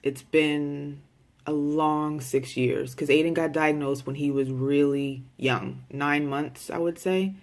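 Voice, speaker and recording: Frank, talkative mom speaking in a home video diary, direct and casual. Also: female voice, sits low, fairly even intonation, slow. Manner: candid and talkative, with many repeated words; direct, with folksy slang. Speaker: mother of a special needs child.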